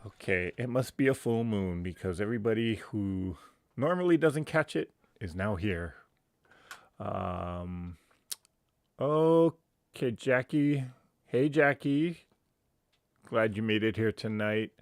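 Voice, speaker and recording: A man's voice: lowish voice, expressive, takes it slowly, long pauses, no echo. A man hosting a casual livestream, chatty and laughing often as he greets viewers by name. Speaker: livestream host.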